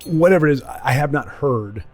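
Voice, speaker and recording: A man's voice: medium pitch, animated, fairly quick, a little mellow, soft background music. A man hosting a gaming channel, chatting casually and rambling over his gameplay, correcting himself often and slipping into goofy voices when he quotes people. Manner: rambling, self-correcting, folksy asides.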